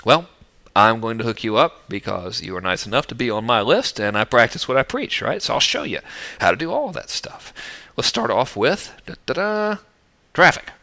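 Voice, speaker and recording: A man's voice: medium pitch, big pitch swings, normal speed, gravelly, pushed and bright. A middle-aged man teaching list building in a casual, jokey, self-mocking video talk.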